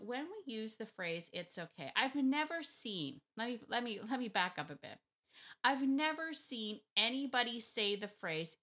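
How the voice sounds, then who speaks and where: A woman, a dog trainer talking casually to camera, chatty and quick to correct herself mid-sentence. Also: mid-range voice, a bit bright. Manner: chatty, restarts and self-corrections, laughs often.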